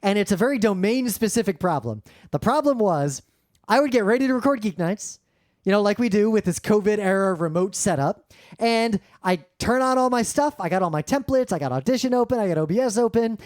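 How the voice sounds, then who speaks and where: A man's voice: high voice, lively intonation, fairly quick, a little mellow, no room sound. A man co-hosting a casual tech podcast from his home studio, explaining audio problems bluntly and swearing now and then. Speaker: podcast co-host. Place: home studio, remote recording session. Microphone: professional studio microphone.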